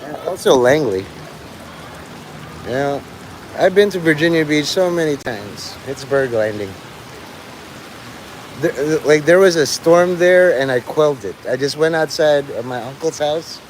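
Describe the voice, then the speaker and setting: A man's voice: a little high, a little slow, pauses often, slight background noise, rough recording. A man rambling through a profane live stream monologue outdoors, with faint rain behind him. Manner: profane, meandering, full of fillers. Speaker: livestreamer.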